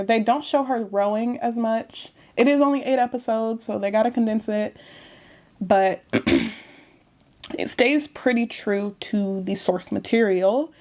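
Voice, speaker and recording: A talkative woman giving a casual book review straight to camera. Her voice sits a little high, and she keeps an animated, chatty flow with laughs between remarks.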